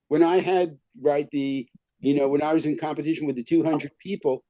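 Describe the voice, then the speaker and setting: A man's voice: on the high side, fairly even intonation, fairly quick, mellow, no echo, muffled recording. A man teaching an online skills class over a video call, talking informally and filling his speech with "okay" and "right". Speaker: skills trainer.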